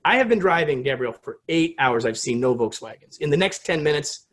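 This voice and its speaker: A middle-aged man from the United States, a guest in a casual interview, telling a story with lively acted-out quotes. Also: a little fast. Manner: animated storyteller, acts out quotes with rising pitch.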